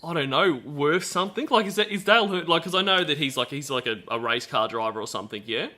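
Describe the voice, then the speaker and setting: A man's voice: a little high, lively intonation, quick pace, sharp tone. A man with an Australian accent hosting a stream, chatting casually in a self-deprecating way with lots of restarts. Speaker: stream host. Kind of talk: casual commentary chat.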